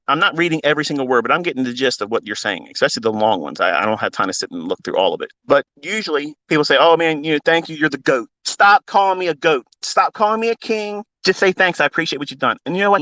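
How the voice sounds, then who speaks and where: A middle-aged man, a trading mentor, giving a blunt, swearing, preachy rant into a phone, with big swings in pitch and pace. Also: sharp tone, no echo, rough recording. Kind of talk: unscripted motivational rant.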